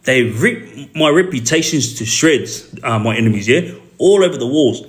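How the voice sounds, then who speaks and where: Australian man, ex-prisoner storyteller, casual livestream talk, halting delivery, lots of ums and restarts, mid-pitched voice. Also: expressive. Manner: halting, many fillers and repeated words. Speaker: former prisoner telling his story on a livestream.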